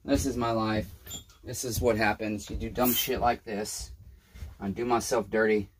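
A man's voice: lowish voice, fairly even intonation, moderate pace, a little hiss or hum. A tired, frustrated man working as a small-engine repairman who mutters and swears while he works in a casual workshop vlog. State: tired and overwhelmed.

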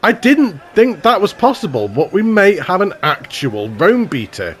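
A man hosting a game channel, giving excited, gushing commentary with self-mocking asides. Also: sits high, unhurried.

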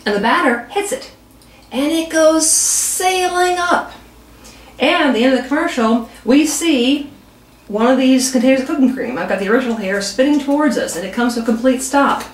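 Woman from West Virginia, relaxed spoken pitch, voice slightly high, heard from a distance in an echoey room. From West Virginia, USA. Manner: storytelling, with fillers. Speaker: pitching an ad idea.

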